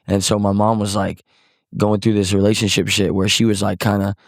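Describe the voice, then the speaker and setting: A man's voice: on the low side, flat delivery, fairly quick, no echo, studio quality. A young man from Missouri, a songwriter and musician, talking as a podcast guest in a loose, rambling way, leaning on "like" and "bro" and swearing often, subdued as he recounts a hard loss. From Missouri, USA. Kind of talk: casual conversation.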